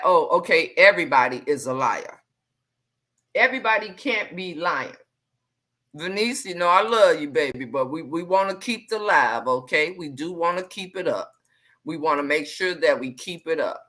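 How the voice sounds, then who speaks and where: A woman hosting a live stream, talking in a calm, measured way and repeating herself to stress her points. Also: sits low.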